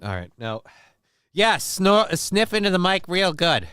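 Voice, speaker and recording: A man's voice: high-pitched, sing-song, unhurried, pushed and bright, clean tone, dry recording. A man hosting a live stream, a father, talking in a rambling, crude, joking way while congested from a sinus infection. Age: adult, father of a six-year-old. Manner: rambling, crude and joking, often sneezing and sniffing. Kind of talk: casual live-stream chat. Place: home basement room. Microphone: desk mic close to the face.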